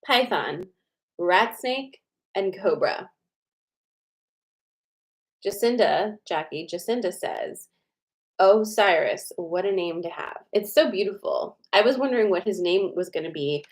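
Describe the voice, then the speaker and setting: A woman's voice: mid-range voice, animated, moderate pace, darkish tone, rough recording. A woman in her forties hosting a casual livestream, chatty and rambling, reading cards to viewers and full of "like" fillers.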